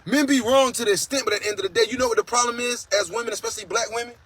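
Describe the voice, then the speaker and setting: A man's voice: extremely high pitch, fairly even intonation, rapid-fire, a bit bright, rough recording. A man hosting a casual livestream monologue, talking in a blunt, profane and preachy way, reading out viewer comments. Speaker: host.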